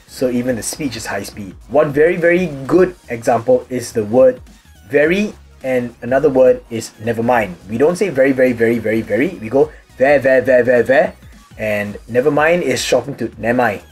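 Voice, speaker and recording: Speaking fairly quickly in a husky, mid-range voice, a young man from Singapore answers viewer questions from his room at home, where hobby figurines sit around him. He has a Singaporean accent, keeps it relaxed and chatty, and uses examples to explain, with faint music in the background.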